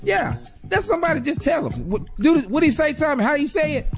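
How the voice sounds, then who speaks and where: This is a high-voiced woman on a radio show, trading jokes with her co-hosts. Her pitch leaps all over the place as she gets more emphatic. Music plays clearly behind her. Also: a little fast. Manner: animated, laughing, slangy and emphatic. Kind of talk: joking advice banter. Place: radio studio.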